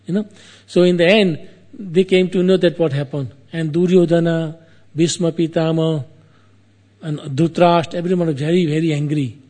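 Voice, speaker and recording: Retelling an epic tale casually, this man speaks in loose, halting phrases with repeats and asides to the listener. His voice is on the high side and darkish, with fairly even intonation.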